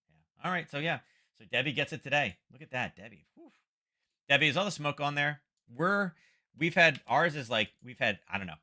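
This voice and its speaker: A man's voice: medium pitch, pushed and bright. A man hosting a trading livestream, chatting casually and rambling with wry asides. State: headache from wildfire smoke. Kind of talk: casual market commentary livestream.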